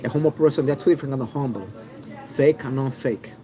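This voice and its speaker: A man with a mixed New York City accent, medium-pitched and dark in tone, talks fast as an online video host on a livestream. His opinionated, rambling delivery is full of fillers and restarts, and the audio quality is poor.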